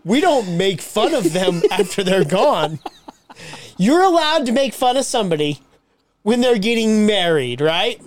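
A man co-hosting a podcast in casual chat, chiming in with quick jokes and reactions. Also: high-pitched, sing-song. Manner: wisecracking listener, short reactions and jokes. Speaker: podcast co-host.

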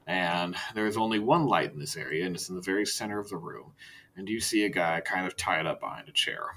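Man, game master, casual rambling narration, bright tone, slightly low pitch. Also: brisk, a little hiss or hum.

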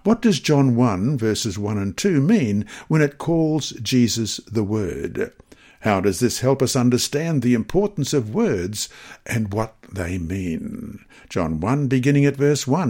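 A man reads scripture and a devotional story aloud at a middle pitch. His delivery is measured but expressive, swinging up and down a lot. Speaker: devotional reader.

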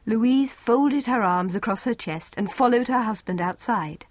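A woman narrating a story in an expressive, lively storybook way. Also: mid-range voice, no room sound.

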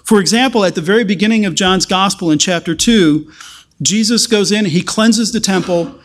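A man preaching a sermon, earnest and halting, with frequent restarts that build to emphatic stretches. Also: high voice.

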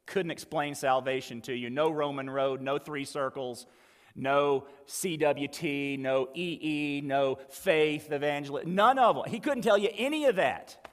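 A male pastor preaches in an easy, conversational way, pressing his points with emphasis and dropping in folksy asides. His voice sits a bit high for a man. The sound carries a long reverb, as if picked up in a large hall. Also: unhurried. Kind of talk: sermon.

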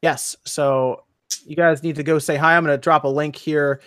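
A man with a fairly high voice hosts a laid-back gaming stream. He stumbles and repeats words as he chats with guests. The sound is dry and close. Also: level tone, normal speed, a bit bright, no room sound. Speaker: podcast host. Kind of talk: casual chat.

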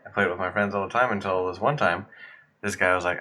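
A young man in a casual podcast chat, telling an animated story and acting out what people said. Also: low-pitched, fast, a little hiss or hum. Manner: animated storyteller, acts out dialogue, swears.

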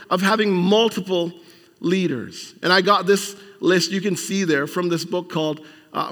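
A man's voice: high voice, sharp tone. A male pastor preaching a sermon in a conversational style, with emphatic rhetorical questions and frequent restarts. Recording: long hall reverb.

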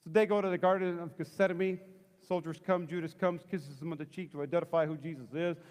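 A man's voice: a little high, fairly even intonation, fast talker, darkish tone, long reverb tail. A middle-aged man preaching a sermon as pastor, acting out the voices of people in the story. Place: church sanctuary.

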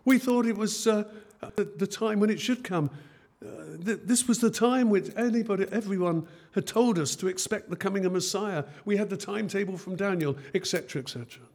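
A man preaching a sermon while voicing an eager, puzzled male disciple who stumbles through excited explanations. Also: high voice, a little fast, pitched above the performer's own voice.

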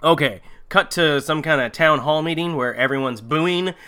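A man's voice: a little high, moderate pace, pushed and bright, clear, resonant tone. A man hosting a comedy podcast, sarcastically recapping a bad horror movie with plenty of profanity. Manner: sarcastic, profane, mocking voices of characters. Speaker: podcast host.

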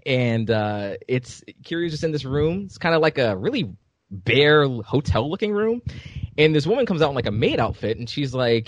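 A man's voice: medium pitch, animated, moderate pace, no echo, dull audio. A man on a podcast in casual chat, animatedly retelling a game scene and acting out the characters' lines. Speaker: podcast co-host.

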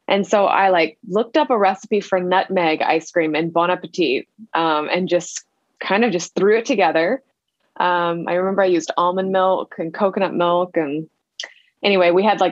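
A woman's voice: fairly low pitch, normal speed, no echo, lo-fi sound. A woman from Louisiana in her thirties, telling her story in a casual interview, chatty with many fillers and acted-out quotes. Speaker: guest, ice cream entrepreneur.

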